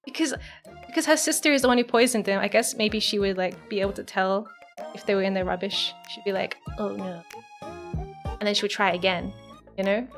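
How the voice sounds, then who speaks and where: A woman's voice: medium pitch, a little fast. Giggly, rambling young woman streamer. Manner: rambling, giggly, lots of fillers. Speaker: virtual streamer. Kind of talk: casual live-stream chat. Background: soft background music.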